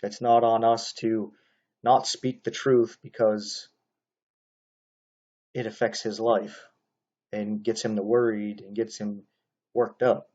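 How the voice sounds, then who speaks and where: Man with a dull, mellow voice. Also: lowish voice, level tone, takes it slowly, long pauses. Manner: rambling, frequent fillers and restarts. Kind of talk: casual commentary monologue.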